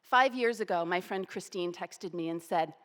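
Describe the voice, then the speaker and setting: A woman in her forties telling a personal story, animated and self-deprecating. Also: lowish voice, normal speed, long reverb tail. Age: 40s.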